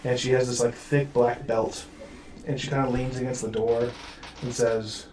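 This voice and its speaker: Rambling game master, far from mic. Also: male voice, medium pitch, level tone, moderate pace, darkish tone, a little hiss or hum. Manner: rambling, many fillers. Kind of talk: narrating a tabletop game. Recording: roomy audio from far off mic.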